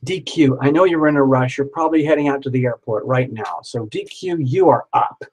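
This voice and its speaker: A man in the middle of a casual live stream, reading tarot for viewers. His voice sits at an ordinary pitch, and his talk runs chatty and excitable, full of jokes and asides to the people watching. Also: fairly quick, breathy edge, poor audio.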